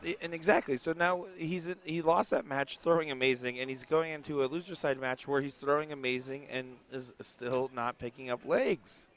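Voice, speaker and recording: A man giving color commentary on a darts stream, chatty and quick to laugh. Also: medium pitch, fairly even intonation, fairly bright tone. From United States. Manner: laughs often, chatty and enthusiastic.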